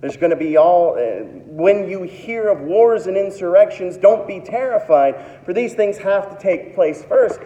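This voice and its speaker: Brief: male pastor, 30s, dramatic sermon delivery, mellow tone, long hall reverb. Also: sits high, animated, unhurried, hardly any pauses. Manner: dramatic, acts out quoted voices. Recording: echoey hall, dull lo-fi sound.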